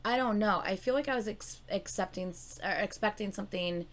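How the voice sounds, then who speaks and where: A woman who reacts to music on YouTube chats casually late at night, yawning with fatigue yet breaking out in excited shouts and curses. Her pitch is medium and her pace fairly quick.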